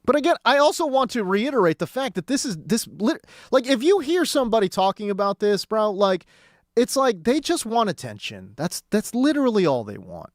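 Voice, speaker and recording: A man's voice: high voice, very animated, brisk, no echo, clean studio sound. A man in his thirties with an American accent, hosting a sports radio show and ranting in a casual, slangy, exasperated way. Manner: slangy and exasperated, says bro, dude, dog. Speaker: radio sports talk host. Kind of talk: casual opinion rant. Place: radio studio.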